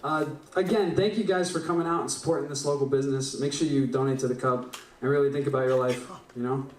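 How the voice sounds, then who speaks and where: A man's voice: mid-range voice, fairly even intonation, fast. Rambling young man telling stage stories. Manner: rambling, profane, keeps asking "right?". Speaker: open mic performer. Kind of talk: stand-up storytelling at an open mic. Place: small live venue stage. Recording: echoey room, distant mic.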